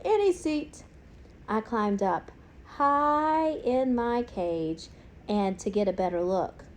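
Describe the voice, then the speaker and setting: A woman reading a children's storybook aloud in an expressive, unhurried way. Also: medium pitch, a little hiss or hum. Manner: expressive, unhurried, with gasps and sudden bursts. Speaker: narrator.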